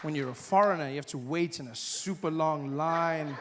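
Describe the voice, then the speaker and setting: A man performing a stand-up comedy routine on stage before a live audience, animated and mocking as he acts out little scenes. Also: on the high side, moderate pace, over a noisy crowd, very noisy.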